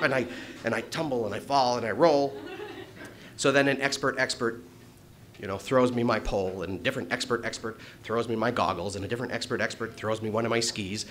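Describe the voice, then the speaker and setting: A man's voice: medium pitch, fairly even intonation, a little fast, a bit bright. A man telling a personal story on stage at a small bar, swearing freely and laughing as he goes. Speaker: storyteller at a live event. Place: small bar venue before an audience.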